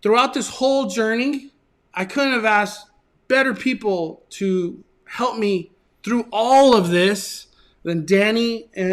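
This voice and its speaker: A man's voice: high voice, fairly bright tone. A man from Southern California, hosting his channel and earnestly telling a rambling, emotional personal story in casual chat. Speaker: channel host.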